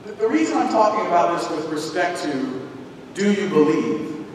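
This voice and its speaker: A guest speaker, a man with a slightly high voice, tells a personal story at a moderate pace during a lecture, animatedly acting out the voices of the people in it. The recording is noisy and echoey, captured from far off in a hall.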